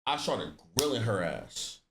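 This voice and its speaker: A man's voice: on the low side, very animated, measured pace, fairly bright tone. A man telling a personal story in casual storytime style, slangy and profane, acting out the dialogue with voice shifts. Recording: roomy echo.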